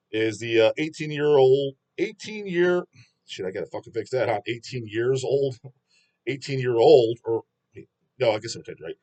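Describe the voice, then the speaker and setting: Metal vlogger, male, mid-pitched voice; rambling, blunt, swears constantly. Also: a little mellow. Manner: profane, blunt, rambling with restarts. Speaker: metal channel host. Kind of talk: ranting vlog monologue.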